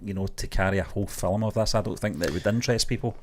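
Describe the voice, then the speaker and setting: A man with a fairly low voice co-hosting a casual movie podcast. He weighs his views carefully, hedging with fillers as he talks. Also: darkish tone, a little hiss or hum. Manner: measured, hedged opinions with fillers. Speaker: co-host of a movie news show.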